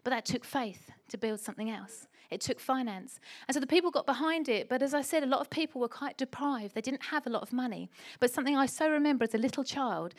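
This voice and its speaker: A middle-aged woman preaching a sermon in an emphatic, animated way, asking the church rhetorical questions. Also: high-pitched, fast, few pauses.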